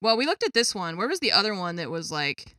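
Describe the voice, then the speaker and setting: A woman streamer talks casually to her viewers from her gaming desk at home, exasperated and swearing freely. Her voice is bright and forward, at a middle pitch, and the sound is dry and close with no room in it. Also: sing-song, fast talker, no room sound. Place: home gaming setup with a cat.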